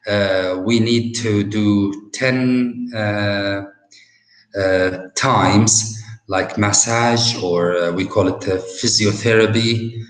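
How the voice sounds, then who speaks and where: This fairly low-pitched man speaks with an Arabic accent and a steady tone while teaching English vocabulary in a recorded university class. He's slow and patient, pauses often with "uh," and explains through everyday examples, though the audio is poor and reverberant.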